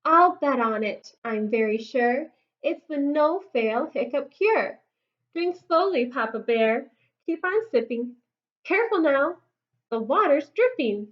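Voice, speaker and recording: A woman voicing a sensible mother bear who gives brisk rhyming instructions in a storybook read-aloud. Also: sits high, lively intonation, dull audio. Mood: coaxing.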